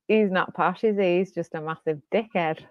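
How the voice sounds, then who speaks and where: A woman's voice: on the low side, normal speed, dry recording. A British woman co-hosting a casual chat, blunt and dismissive, laughing often. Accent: British English. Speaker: co-host. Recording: dull lo-fi dry sound.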